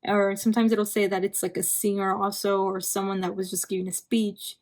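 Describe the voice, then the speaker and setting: A woman's voice: mid-range voice, little pitch movement, brisk, darkish tone. Young woman, casual exam review, chatty, repeats terms, slightly tired. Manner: conversational, repeats key terms, frequent "right?" and "like". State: tired from hours of recording. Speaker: physician assistant student.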